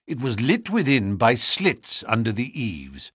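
Guy reading an audiobook, lively expressive pitch, bright voice, dry close sound. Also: breathy edge, no room sound. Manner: expressive, measured storytelling. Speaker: narrator. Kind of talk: audiobook narration.

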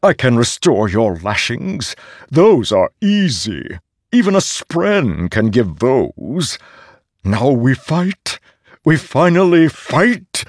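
A man voicing a bloodthirsty sentient black sword in an audiobook, slow and insistent, with a high drawn-out distant voice. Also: big pitch swings, dry recording, clean studio sound, exaggerated voice. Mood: gleeful. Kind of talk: audiobook character voice.

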